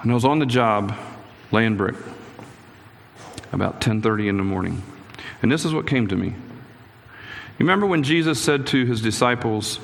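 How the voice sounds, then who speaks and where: Gravelly man preaching in a reverberant hall. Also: mid-range voice, a little fast, slight background noise. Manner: earnest, personal storytelling with frequent restarts. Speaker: pastor. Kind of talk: sermon. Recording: echoey hall with long reverb.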